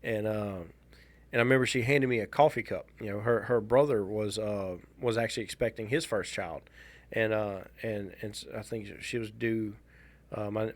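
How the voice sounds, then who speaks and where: A man, co-hosting a podcast and telling a personal story in a casual, halting, wry way. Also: on the low side. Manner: halting, restarts a lot, candid and wry. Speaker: podcast co-host.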